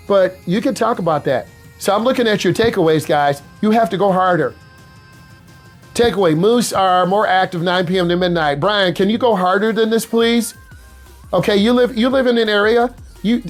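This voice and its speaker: Animated man teaching a class. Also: sits high. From Midwest US. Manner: animated, exhorting students, repetitive. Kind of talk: classroom lecture.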